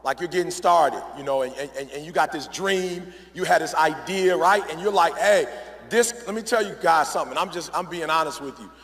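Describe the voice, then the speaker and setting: A man delivering an emphatic motivational speech, his voice high and gravelly. He repeats himself for effect and keeps checking in with the crowd. The sound rings through a large, reverberant hall. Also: fairly quick, few pauses, fairly bright tone. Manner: emphatic, repetitive, addresses crowd often. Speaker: motivational speaker. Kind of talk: motivational speech to a live audience.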